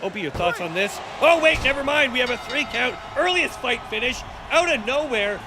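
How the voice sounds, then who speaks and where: A man calling a wrestling match on a live stream as play-by-play commentator and streamer, crude, joking and shouty. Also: very high voice, animated, fairly quick, background noise. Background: music.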